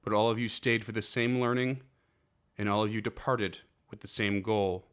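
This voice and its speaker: Male game master, low voice, quiet and measured scripted narration. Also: steady tone, smooth. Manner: soft, slow and measured. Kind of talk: scripted second-person narration.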